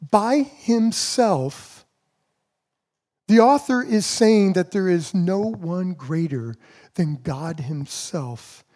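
A man preaching a sermon to his church, with slow, emphatic pauses. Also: sits high, mellow. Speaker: pastor.

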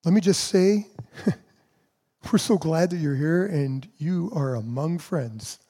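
A man preaching a sermon to his church, with slow, emphatic pauses. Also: fairly high pitch, mellow, breathy edge. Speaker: pastor.

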